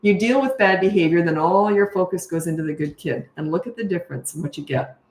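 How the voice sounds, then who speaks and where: A woman's voice: fairly low pitch, quick pace, echoey room. A middle-aged woman, a parenting coach, answering questions in a frank, chatty way and laughing at herself. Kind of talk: casual live Q&A chat.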